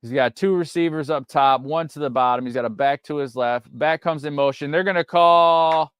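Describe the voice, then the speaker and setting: Guy hosting a watch party stream, smooth clear voice, gets worked up n swears a lot. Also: fairly high pitch, moderate pace, no echo, studio quality. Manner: excitable, swears when frustrated. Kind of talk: casual live game commentary.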